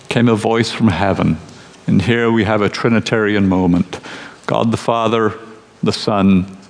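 A man preaching a sermon, teaching slowly and with emphasis in a measured delivery. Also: fairly low pitch, vocal fry, in a large hall.

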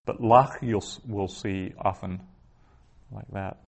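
A man teaching a class, explaining step by step in a patient way, with frequent pauses and restarts. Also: on the low side, fairly even intonation, gravelly. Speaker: Hebrew teacher. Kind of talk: classroom lecture.

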